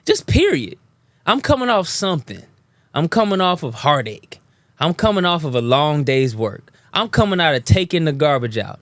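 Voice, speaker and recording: A man hosting a casual chat show, animated and laughing often, acting out quoted lines in a high voice. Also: moderate pace, no echo. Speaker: host.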